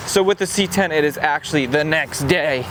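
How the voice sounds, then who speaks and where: A young man casually vlogging about a truck build, relaxed and peppered with "dude". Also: on the high side, normal speed. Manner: laid-back, says "dude" a lot. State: out of breath. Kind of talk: casual shop vlog talk. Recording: noisy outdoor camera audio.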